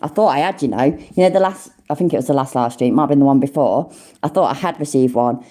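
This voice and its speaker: A woman's voice: rumbling low, quick pace, warm tone. A woman in her forties hosting a livestream, a little tipsy, chatting casually, swearing freely and laughing often. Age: 40s. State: tipsy from drinking. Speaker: livestream host.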